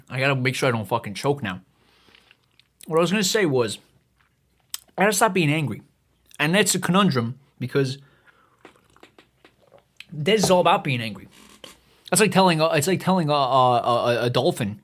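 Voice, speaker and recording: A man around thirty hosting a comedy podcast, ranting in a profane, heated way with stammering restarts. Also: mid-range voice. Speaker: podcast host. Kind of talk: profane comedic rant monologue.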